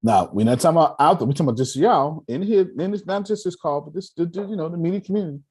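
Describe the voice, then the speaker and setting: A man's voice: a little high, animated, rapid-fire, a little mellow, slightly rough. A man coaching a group on a call, talking in an emphatic, repetitive, preacher-like cadence. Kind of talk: motivational talk.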